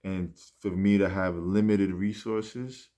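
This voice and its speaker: A man speaking in a rambling, reflective monologue, often restarting and trailing off softly. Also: low-pitched, level tone, slow. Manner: rambling, many fillers and restarts; soft-spoken, trailing off. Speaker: musician speaking about his mindset.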